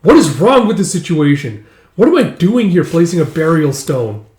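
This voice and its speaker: A man voicing a furious young woman who scolds her father in a high, shrieking voice. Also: big pitch swings, normal speed, a little mellow, reverberant. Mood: outraged. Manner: shrieking, wailing complaints.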